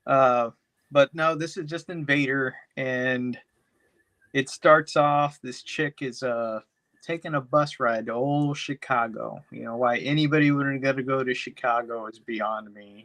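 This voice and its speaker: A man's voice: medium pitch, fairly even intonation, measured pace, fairly bright tone. A man co-hosting a podcast, recapping a movie plot in a rambling, profane way, packed with "you know.". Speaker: podcast co-host. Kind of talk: casual chat, movie recap.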